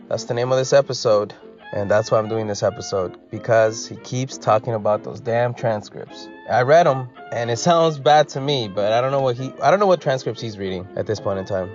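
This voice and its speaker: A man's voice: mid-range voice, moderate pace. Wry man hosting a lo-fi podcast. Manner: wry, sarcastic asides with chuckles. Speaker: podcast host. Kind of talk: casual news podcast commentary. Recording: slightly dull lo-fi audio with faint music.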